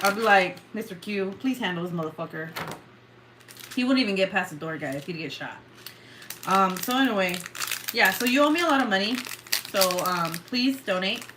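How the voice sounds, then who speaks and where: A woman with a medium-pitched voice hosts a casual livestream, joking with viewers, swearing freely and often bursting into laughter. She is coughing, and there's background noise.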